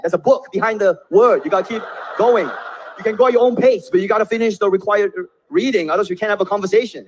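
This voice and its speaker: A man's voice: high-pitched, noisy background. A man doing a stand-up comedy set, joking and laughing through his punchlines.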